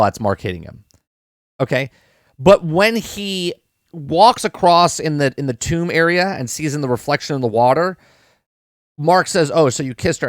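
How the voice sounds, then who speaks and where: A man with a somewhat high voice talks through a TV episode for his live-stream audience in a loose, rambling way. He repeats himself, restarts sentences and keeps asking "right?" The sound is dry and close. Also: a bit bright, dry recording. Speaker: podcast host reviewing a TV episode. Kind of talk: casual live-stream review.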